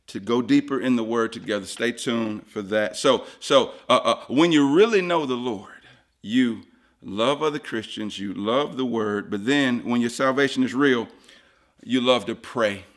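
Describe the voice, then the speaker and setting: A man preaching a sermon as pastor, swinging from hushed lines to loud emphatic ones and repeating phrases for emphasis. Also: medium pitch, moderate pace.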